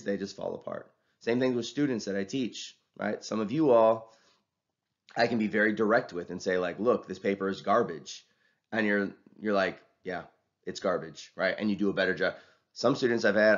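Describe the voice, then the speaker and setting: A male teacher giving a casual classroom lecture, talking conversationally and ending his points with "right?". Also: on the low side. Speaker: college teacher and wrestling coach. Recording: dull lo-fi recording.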